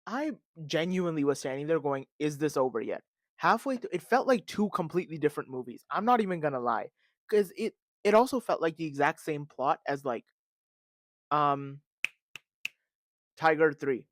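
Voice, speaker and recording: A man hosting a podcast, talking in a casual, animated and dramatic rant full of fillers and recorded on a phone. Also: a little high, moderate pace, no echo, studio quality. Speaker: podcast host. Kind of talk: casual ranting commentary.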